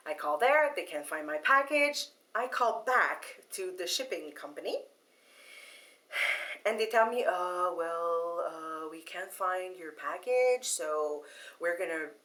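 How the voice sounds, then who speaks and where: A woman telling a long story to her viewers in a casual, animated way, laughing often, with many fillers and restarts. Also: lowish voice. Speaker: vlogger.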